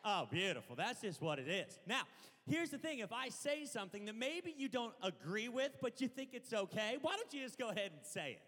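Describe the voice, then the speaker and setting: Male preacher, high pitch, loud call-and-response sermon, long hall reverb. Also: big pitch swings, brisk. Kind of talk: energetic sermon. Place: church auditorium.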